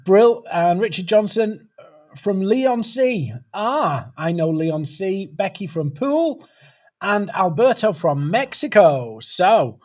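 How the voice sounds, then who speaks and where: A man's voice: a little high, highs cut off. Chatty man hosting. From United Kingdom. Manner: chatty, greets viewers by name. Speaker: webcast host. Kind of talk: live webcast chat.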